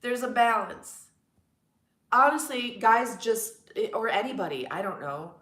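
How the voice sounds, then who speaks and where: A woman's voice: a little high, expressive, measured pace, fairly bright tone, roomy sound. A woman in her forties with a New York accent, chatting frankly with viewers on her livestream. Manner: chatty, frank, blunt, swears casually. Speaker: livestream host. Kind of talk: casual chat with viewers.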